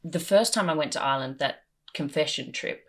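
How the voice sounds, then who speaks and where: A young adult woman comedian talking candidly as an interview guest, animated and self-deprecating, cursing freely. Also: low-pitched, brisk. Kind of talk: candid conversational storytelling.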